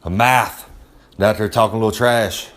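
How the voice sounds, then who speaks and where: A man's voice: lowish voice, fairly even intonation, normal speed, a bit bright. Swaggering man spitting loose advice. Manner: swaggering, loose, repeats "I'm just saying", streetwise slang. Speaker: recurring advice segment presenter. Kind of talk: casual monologue of wrestling tips.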